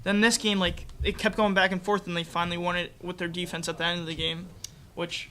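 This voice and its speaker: A man's voice: high-pitched, little pitch movement, brisk, bright, forceful tone, a little hiss or hum. A young man co-hosting a casual football podcast, giving rambling, hedged opinions. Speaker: podcast co-host. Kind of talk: casual sports podcast chat.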